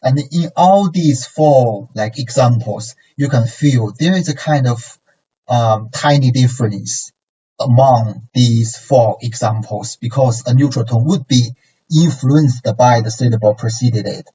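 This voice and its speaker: A man's voice: mid-range voice, unhurried, dark tone. A man teaching a language lesson, patiently modeling syllables and tones for repetition and checking in with "okay" and "right". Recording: distant, dull lo-fi sound.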